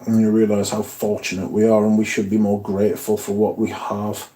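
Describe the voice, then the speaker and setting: Hosting a casual fragrance livestream from home, a man speaks in a mellow, warm, relaxed voice that's fairly low and a little fast. He rambles, swears freely, and reads viewer comments aloud between his own asides.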